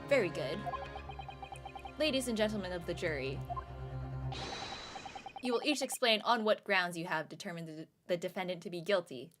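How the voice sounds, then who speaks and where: A woman's voice: lowish voice, lively intonation, music in the background, natural voice. A woman reading as a stern old judge. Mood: stern, formal. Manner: measured, formal courtroom reading.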